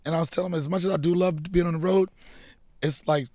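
A middle-aged man, a comedian guest, telling profane, animated stories in casual chat and acting out quotes. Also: fairly high pitch, quick pace, no echo.

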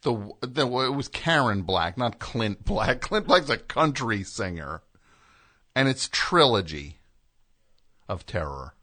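Brief: male call-in host, dry and skeptical, slow delivery with a lively pitch. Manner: dry, skeptical, short replies. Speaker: radio host. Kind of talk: comedic call-in radio.

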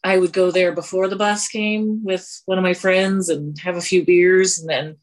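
A woman's voice: fairly low pitch, steady tone, moderate pace. A woman in her forties from Colorado, speaking earnestly and confessionally as a podcast guest. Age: 40s. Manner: earnest and confessional, with sighs and self-deprecating laughs. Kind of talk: candid personal interview.

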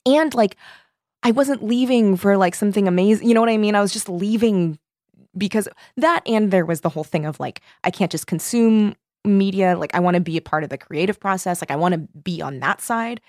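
A young woman co-hosting a podcast, telling a story in casual chat, animated and swearing freely. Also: mid-range voice, fairly quick, no echo, studio quality. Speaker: podcast co-host.

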